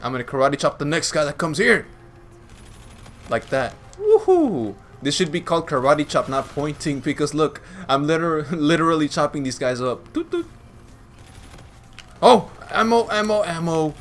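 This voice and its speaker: A man giving playful, teasing commentary over his own gameplay, laughing often and breaking into excited yells. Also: on the high side, moderate pace.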